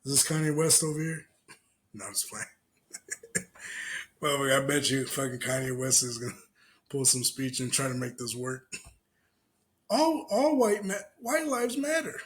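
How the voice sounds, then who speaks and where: A man's voice: mid-range voice, fairly even intonation, moderate pace, pauses often, a bit bright. A man hosting a podcast, giving loose, profane, laughing reaction commentary on clips. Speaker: podcast host.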